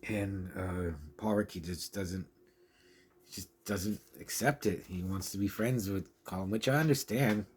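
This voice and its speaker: A man's voice: sits low, measured pace, slight background noise. A man giving a casual, rambling spoken film review, chatty and laughing often.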